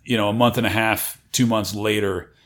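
A man's voice: lowish voice, steady tone, normal speed, fairly bright tone. A man in casual conversation, talking confidently and emphatically about drive and competition. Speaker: retired military chief.

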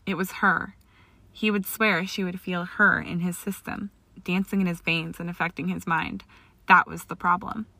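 A woman's voice: on the low side, little pitch movement, moderate pace, gravelly, pushed and bright, no room sound. A woman steadily reading fan fiction aloud as storybook narration, with an occasional stumble. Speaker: reader.

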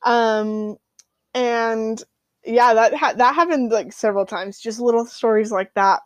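A young woman from the United States, a returned missionary, tells a personal story in a halting way, with frequent fillers and restarts. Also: fairly high pitch, steady tone, no room sound. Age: young adult.

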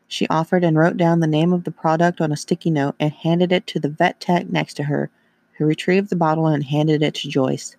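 A man narrating a story in a steady, even reading voice. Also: on the high side, fairly quick, vocal fry, no room sound.

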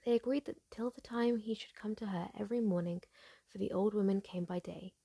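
Woman, whispered role-play, breathy, close and dry, low warm tone, slight fry. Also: dry recording. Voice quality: soft and breathy. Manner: gentle, slow and hushed. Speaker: storyteller.

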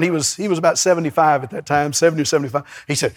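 A male pastor, preaching a lively sermon in a church and calling out to his congregation. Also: a little high, very fast, hardly any pauses. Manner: lively, storytelling, calls to the congregation.

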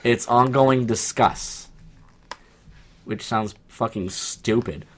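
A man's voice: medium pitch, slow. A man, co-hosting a podcast in casual chat, joking and rambling with crude humor. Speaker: podcast co-host.

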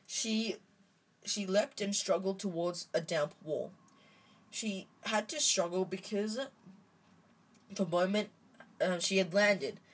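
A woman's voice: mid-range voice, slightly rough, low-quality recording. A woman reading a storybook aloud in an unpolished way, stumbling and restarting often. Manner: unpolished, frequent restarts and ums.

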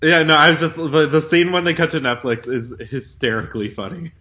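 Bright-voiced joking woman co-host. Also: low-pitched, fairly quick, slight background noise. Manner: animated, joking. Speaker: podcast co-host. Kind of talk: casual movie recap chat.

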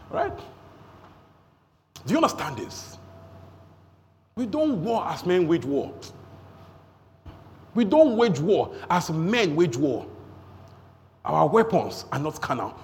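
A man with a Nigerian accent preaching a sermon, energetic, breaking into rapid tongues and shouts. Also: on the high side. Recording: long hall reverb, faint noise.

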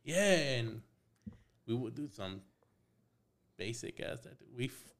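A man's voice: mid-range voice, big pitch swings, unhurried. A young man, a tattoo artist, telling stories on a podcast in a laid-back way, swearing a lot and acting out quotes. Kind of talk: casual storytelling chat.

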